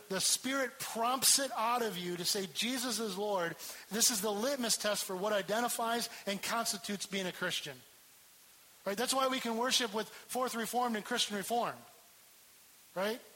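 A man's voice: high voice, bright, forceful tone, rough recording. A man preaching a sermon as pastor, emphatic and repeating key words for stress.

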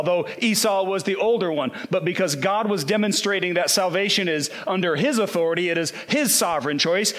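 A man preaching a sermon, earnest and emphatic, slowing down to quote scripture. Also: high voice, fairly bright tone.

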